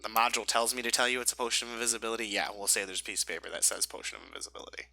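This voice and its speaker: A man narrating as game master of a tabletop game, halting and full of fillers as he describes the scene. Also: fairly low pitch, creaky, bright, forceful tone, no room sound, rough recording. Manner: halting, filler-heavy narration with self-corrections.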